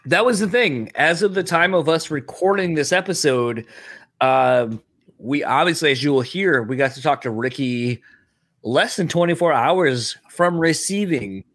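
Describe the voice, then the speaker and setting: A man's voice: fairly high pitch, measured pace, fairly bright tone, no echo, clean studio sound. A man co-hosting a podcast in casual chat, loose and profane with lots of fillers. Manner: loose, swearing, many fillers. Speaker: podcast co-host.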